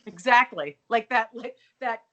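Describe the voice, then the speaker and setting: A woman co-hosting a comedy podcast, recapping a TV episode in casual, profane, animated chat. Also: a little high, a little slow, dull audio. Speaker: podcast co-host.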